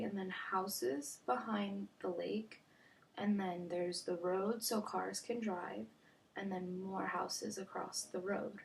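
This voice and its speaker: A young woman vlogger tells a chatty storytime, packed with "like" fillers and often dropping to a near-whisper. Her medium-pitched voice has vocal fry and a slightly mellow quality, over faint background noise.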